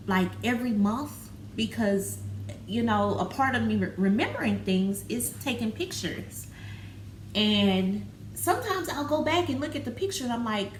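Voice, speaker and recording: A woman talking candidly in a personal vlog, halting and open, with many fillers. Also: mid-range voice. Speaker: vlogger. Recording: roomy with faint background noise.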